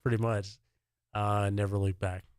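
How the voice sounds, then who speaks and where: A man's voice: fairly low pitch, measured pace, clean tone, dry recording, clean studio sound. A middle-aged man from Alabama, a personal chef and podcast guest, chatting easily with lots of fillers. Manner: relaxed, chatty, many fillers. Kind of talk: casual podcast chat.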